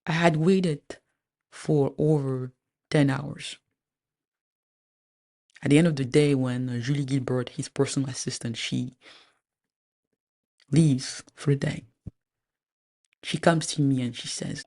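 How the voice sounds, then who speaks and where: Slow, gravelly-voiced woman recounting events. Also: extremely low pitch, steady tone, warm tone. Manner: measured, deliberate, with frequent pauses and fillers. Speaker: lawyer recounting a personal legal dispute. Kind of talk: personal testimony, spoken slowly with pauses.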